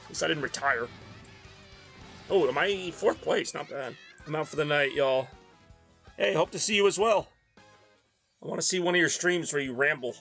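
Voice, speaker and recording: Chatty young man, bright voice. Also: a little high, normal speed, pauses often, faint music behind. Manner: rambling, chatty, reads chat aloud. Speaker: game streamer. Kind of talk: casual rambling chat while gaming.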